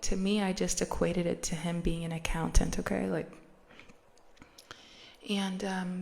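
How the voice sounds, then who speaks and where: Chatty woman with a gravelly voice. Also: lowish voice, darkish tone. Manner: chatty, slangy, laughs often. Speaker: podcast host. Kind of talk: casual storytelling retelling.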